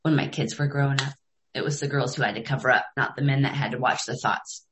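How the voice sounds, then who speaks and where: A woman speaks on a group video call with a low voice and an unhurried, measured delivery. She explains her point plainly. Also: fairly even intonation, fairly bright tone, a little hiss or hum. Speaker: workshop participant.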